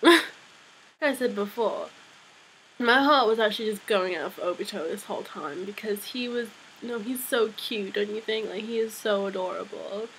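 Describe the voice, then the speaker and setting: A young woman talks through a comic chapter in a casual fan vlog, rambling and excitable with lots of fillers. She sounds a little unwell, her voice slightly off, and her pitch sits in an ordinary middle range. A faint hiss of noise runs under her voice. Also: normal speed, low-quality recording. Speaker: manga reviewer.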